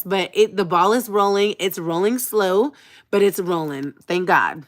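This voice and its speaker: A woman vlogger telling a personal story to her live viewers, dramatic and animated, punctuating lines with an emphatic "okay?" and calling them sis. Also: mid-range voice, a little slow. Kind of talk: emotional personal storytime chat.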